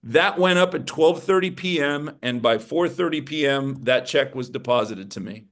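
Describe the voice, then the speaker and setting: A man teaching a room of investors in a lively, emphatic seminar style. His voice sits at an ordinary middle pitch for a man. He keeps pulling listeners in with rhetorical questions and punchy points. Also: moderate pace. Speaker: real estate investing instructor.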